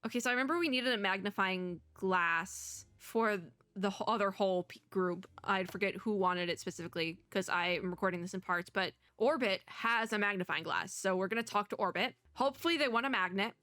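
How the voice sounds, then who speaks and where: A young woman hosting a let's-play on a close desk mic at home, chatty, wry and quick to giggle. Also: mid-range voice, sharp tone, no room sound. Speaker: gaming channel host.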